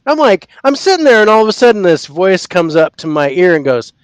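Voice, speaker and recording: A man co-hosting a casual paranormal podcast, telling a story with lively acted-out reactions. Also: high voice, brisk, clear, resonant tone, dry recording. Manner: animated storyteller, acts out his own reactions loudly. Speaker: podcast co-host.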